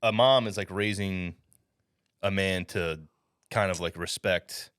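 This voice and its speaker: A man's voice: deep voice, unhurried, fairly bright tone, clear, resonant tone, dry recording, clean studio sound. A young man on a podcast, chatting casually, rambling and swearing as he restarts his sentences. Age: young adult. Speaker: podcast co-host. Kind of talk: casual chat.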